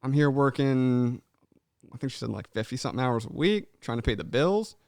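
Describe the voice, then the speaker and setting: A man's voice: medium pitch, big pitch swings, fast, gravelly, dry recording, studio quality. A young man hosting a podcast, chatting casually and animatedly, swearing freely and calling everyone "man.". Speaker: podcast host. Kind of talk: casual chat.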